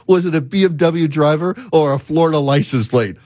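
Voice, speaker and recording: A man's voice: fairly high pitch, brisk, a little mellow, no echo, natural voice. A man quoting a chatty male voice assistant that answers in a wry, knowing way.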